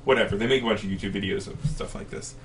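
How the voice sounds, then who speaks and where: A man's voice: fairly low pitch, steady tone, racing, fairly bright tone, a little hiss or hum. A chatty man co-hosts an easygoing conversation, often hesitating and restarting his sentences. His voice comes from some distance off the mic. A faint ambience sits underneath. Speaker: podcast co-host. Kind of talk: casual chat between matches.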